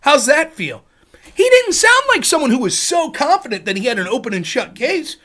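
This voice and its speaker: A man's voice: very high voice, normal speed. Sarcastic, swearing male streamer. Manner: sarcastic, profane, animated. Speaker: streamer host. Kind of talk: ranting livestream commentary.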